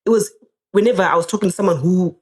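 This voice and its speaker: A young woman, a podcast guest telling a personal story in a casual, animated way, her voice jumping up whenever she quotes someone. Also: fast talker. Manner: animated, jumps up in pitch when quoting people.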